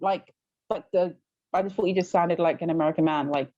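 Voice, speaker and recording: A woman's voice: fairly low pitch, brisk, warm tone. Easygoing laughing podcast woman. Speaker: podcast co-host. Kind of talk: casual chat. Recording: dull lo-fi sound.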